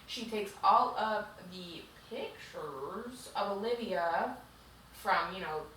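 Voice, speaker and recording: A woman's voice: mid-range voice, lively intonation, slow pace, fairly bright tone. Woman podcast co-host, rambling chatty recap, very roomy echo, distant mic. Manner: chatty, rambling storytelling full of "like". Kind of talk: casual chat recapping a book. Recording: very echoey room, distant mic, faint hiss.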